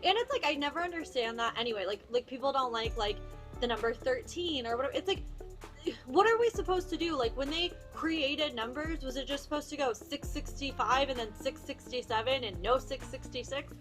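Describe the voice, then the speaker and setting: Bright-voiced chatty young woman. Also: sits high, expressive, a little fast, soft background music. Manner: chatty, sarcastic, lots of "like". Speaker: vlogger. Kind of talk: casual storytime.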